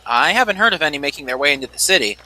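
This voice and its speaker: A man's voice: on the high side, racing, poor audio. A man voicing an eager male cartographer who gushes over a famous actor, in a tabletop game. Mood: matter-of-fact. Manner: gushing fanboy, breathless excitement.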